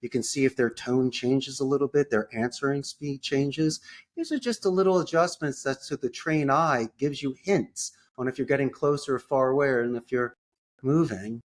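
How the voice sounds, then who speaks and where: An energetic man with an ordinary, mid-range voice, explaining phone sales techniques in a relaxed podcast interview. He talks like a salesman and slips into short acted-out phone calls. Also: medium pitch, moderate pace. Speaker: call center executive, guest. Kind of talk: casual interview talk.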